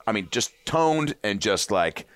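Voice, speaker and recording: A man's voice: fairly low pitch, sing-song, a little slow, a bit bright, no echo. A man in his thirties telling rambling, profane stories as a podcast guest, slipping into voices for others. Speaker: comedian guest. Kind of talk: casual podcast chat.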